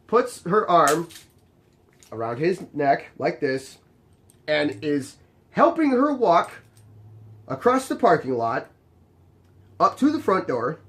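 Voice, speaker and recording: A young man casually telling a story about his job as a bar bouncer, animated and exasperated, acting out both sides of the conversation. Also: fairly high pitch, slow pace, pauses often.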